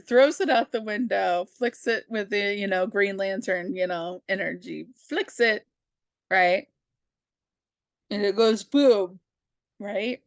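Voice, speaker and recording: A woman's voice: mid-range voice, takes it slowly, creaky, pauses often, no room sound. A woman hosting a casual comic book reading, chatty and rambling, full of fillers and asides and amused by her own jokes. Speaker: comic book reader and channel host.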